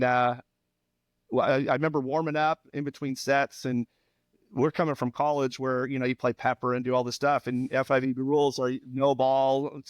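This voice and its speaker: A man's voice: medium pitch, no echo. A middle-aged man, a head coach, telling stories in a casual podcast chat and laughing at his own anecdotes. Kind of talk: casual storytelling.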